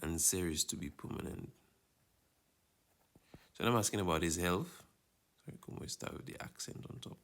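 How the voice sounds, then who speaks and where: A man with a low, slightly bright voice speaks at a moderate pace, leaving long pauses. He's teaching Spanish in a recorded lesson walkthrough, patiently explaining and checking on his students as he goes.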